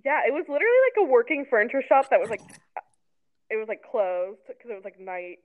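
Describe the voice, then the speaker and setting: Speaking fast in a high-ish, expressive voice, this twenty-something woman co-hosts a laid-back recap podcast. Her delivery is sarcastic and talkative, packed with "like." The audio sounds thin and tinny, as if through a phone.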